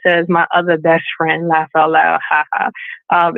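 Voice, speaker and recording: Chatty woman running a webinar with slides, lots of ums, a bit of fry in the voice, tinny phone-like sound. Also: deep voice, completely flat delivery, unhurried, dry recording. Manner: chatty, filler-heavy, acts out quoted voices. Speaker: webinar presenter and balloon event business owner. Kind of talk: casual online presentation with slides. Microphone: video call. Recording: phone-like webinar audio, dry.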